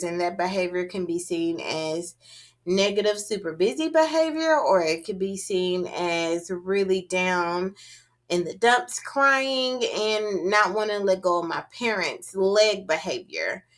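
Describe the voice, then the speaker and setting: Slow, measured woman teacher trainer. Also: medium pitch. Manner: measured and instructive, checks in with "right?". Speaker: early childhood teacher trainer. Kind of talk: recorded teacher training talk.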